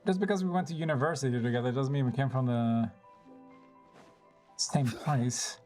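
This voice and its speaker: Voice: medium pitch, darkish tone, soft background music. A young-adult streamer chatting with viewers over live gameplay, teasing them, laughing a lot and swearing casually. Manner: chatty, teasing and quick to react.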